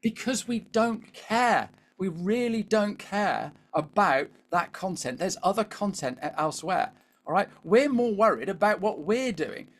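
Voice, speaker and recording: A man's voice: high-pitched, lively intonation, measured pace. Chatty British man coaching a webinar. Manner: chatty, keeps asking the audience "all right?". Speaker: LinkedIn coach. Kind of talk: live webinar coaching talk.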